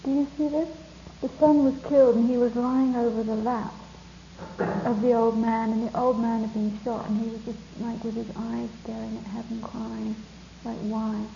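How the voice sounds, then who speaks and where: A woman teacher giving a spiritual talk to a live audience, telling stories in a soft, reflective and hesitant way. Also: on the high side, little pitch movement, moderate pace, gravelly, slight background noise. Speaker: meditation teacher. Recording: echoey, muffled room recording with faint ambience.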